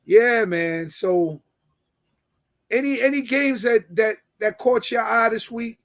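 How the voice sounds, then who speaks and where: A man's voice: extremely high pitch, slow, a bit bright. A man hosting a casual sports show, brash and argumentative, running through scores and ranting with plenty of slang. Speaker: sports podcast host.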